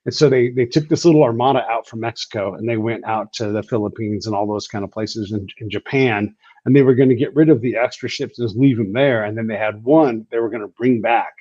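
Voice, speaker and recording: Animated man telling anecdotes, lo-fi sound. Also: mid-range voice, fairly quick, no echo. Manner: animated storyteller, acting out quotes with a rising voice. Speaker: podcast host. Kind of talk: casual podcast chat.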